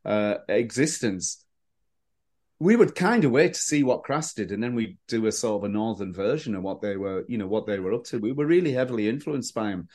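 Animated man telling stories. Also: on the low side, fairly quick. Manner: animated storyteller with frequent restarts. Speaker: podcast guest. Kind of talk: casual anecdotal chat.

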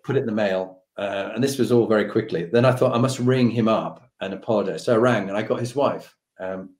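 A man's voice: fairly low pitch, a little fast, a little mellow, reverberant. A man telling an anecdote from his army days, acting out the dialogue with different voices and laughing as he goes. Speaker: storyteller recalling army days.

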